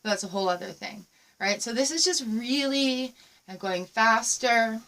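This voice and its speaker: A woman's voice: on the high side, animated, normal speed, a bit bright. Upbeat woman dance teacher, a bit distant. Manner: upbeat, encouraging, counts moves aloud. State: a little out of breath. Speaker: dance instructor. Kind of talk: home dance lesson video. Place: room at home with a squeaky floor.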